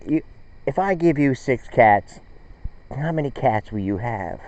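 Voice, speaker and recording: A man voicing an exasperated schoolteacher quizzing a pupil, slow and patient. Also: mid-range voice, expressive, a little mellow, highs cut off, natural voice.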